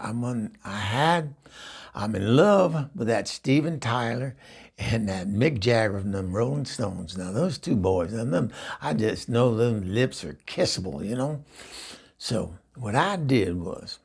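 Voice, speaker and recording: A man's voice: mid-range voice, gravelly, breathy edge. A man playing Eunice, a bawdy, chatty middle-aged woman, telling a rambling comic story full of stammered restarts. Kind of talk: comedy character monologue.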